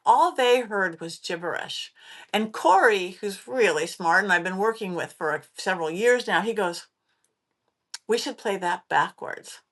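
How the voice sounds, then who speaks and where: Animated woman telling spooky stories. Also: mid-range voice, normal speed. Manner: animated, acts out quoted voices. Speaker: podcast host; psychic medium. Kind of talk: casual spooky storytelling.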